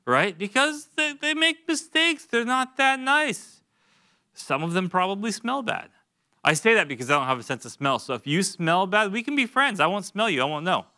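Bright, clear-voiced young male preacher. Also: high-pitched, big pitch swings. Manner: conversational, joking Bible teaching with quick asides and repeated words. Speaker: pastor. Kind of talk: sermon. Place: church.

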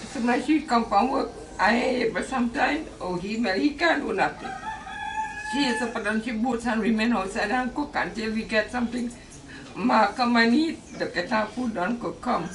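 An older woman with a Trinidadian accent giving a plain, heartfelt, halting account of receiving a new home. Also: a little high, a little hiss or hum. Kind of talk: casual testimony. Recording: echoey, far from mic, with music.

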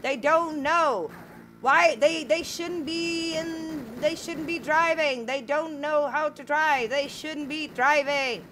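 A woman's voice: high-pitched, steady tone, slow, few pauses, fairly bright tone, a little hiss or hum. A woman whose first language is Portuguese, playing a video game and commenting casually, muttering to herself and exclaiming and swearing when things go wrong. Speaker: gaming streamer.

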